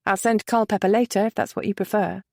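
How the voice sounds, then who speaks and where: A woman voicing a strong-willed young lady who talks briskly and teases gently. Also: mid-range voice, steady tone, creaky, dry recording, studio quality. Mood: lively.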